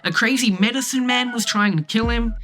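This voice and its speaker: A commentary video narrator recapping events in a wry, matter-of-fact way over clear background music. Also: mid-range voice, brisk, pushed and bright.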